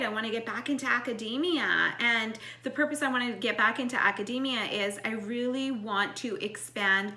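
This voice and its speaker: A woman's voice: on the high side, echoey room. A woman in her forties telling a personal spiritual story in a casual, earnest way, full of "like" fillers. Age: 40s. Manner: earnest, animated, many "like" fillers. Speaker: spiritual vlogger.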